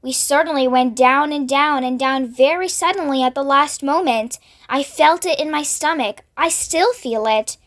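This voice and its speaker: A woman's voice: sits high, moderate pace, hardly any pauses, a bit bright. A woman voicing a gloomy, blind earthworm in a storybook reading.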